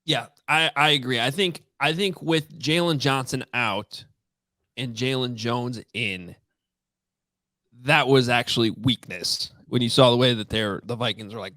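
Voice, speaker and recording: A man's voice: mid-range voice, measured pace, pushed and bright, dry recording, studio quality. A man co-hosting a sports podcast in casual, chatty talk, often restarting his sentences. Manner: chatty, many restarts and fillers. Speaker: podcast co-host.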